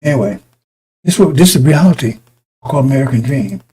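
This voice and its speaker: A husky, medium-pitched preacher addresses a congregation in an informal broadcast sermon full of personal stories. He is blunt and profane, animated and fast, with a warm tone, rambling and restarting often. The recording is rough.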